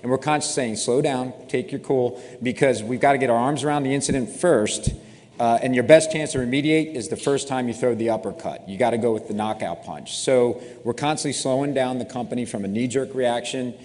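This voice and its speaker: A middle-aged man who founded a cybersecurity company answers interview questions in a relaxed, explanatory way with dry self-deprecating humor. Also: medium pitch, brisk, big-room sound.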